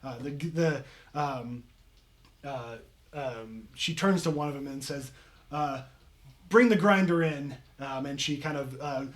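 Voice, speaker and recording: A man's voice: medium pitch, steady tone, takes it slowly. A young man narrating as game master of a tabletop game, rambling with many fillers and restarts.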